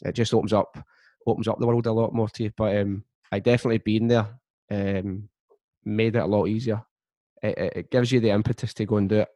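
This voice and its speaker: A man chatting casually on a podcast, telling stories in a steady way with frequent restarts. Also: lowish voice, fairly quick, dry recording. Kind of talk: casual chat.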